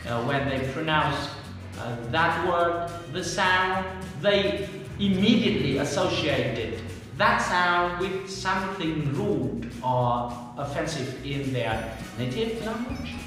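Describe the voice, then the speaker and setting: A Vietnamese-accented man gives an English pronunciation lesson, his pitch rising and falling freely as he drills words one by one. He sounds set back from the mic in a long, roomy reverb, with music clearly playing behind him. His pace is unhurried and deliberate. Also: distant mic. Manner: slow, careful, repeats words for drills. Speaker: English teacher.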